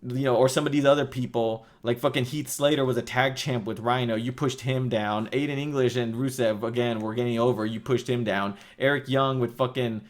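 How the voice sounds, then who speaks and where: A man in the middle of a heated rant, swearing at almost every turn. His voice sits at an ordinary middle pitch. He keeps slipping into sarcastic, mocking put-on quotes of the people he is angry at. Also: fairly even intonation, fairly quick, few pauses. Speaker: wrestling vlogger.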